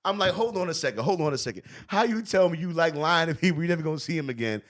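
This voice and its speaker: A man reacting to a clip, laughing often and talking in loud, slangy disbelief. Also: fairly high pitch, animated, rapid-fire. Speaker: streamer reacting to a video. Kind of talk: casual reaction commentary.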